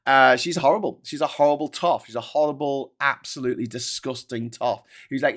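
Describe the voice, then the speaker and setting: Brit host, higher-pitched, heated sweary rant on politics. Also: male voice, expressive, brisk, few pauses, fairly bright tone. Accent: British. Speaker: host of a political commentary show. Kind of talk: casual ranting political commentary.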